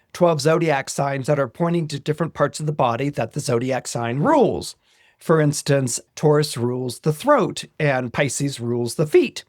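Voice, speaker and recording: Measured man explaining horoscopes, dry sound. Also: a little high, dry recording. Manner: deliberate, often checks in with "okay?"; slows down on emphatic phrases. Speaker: astrologer.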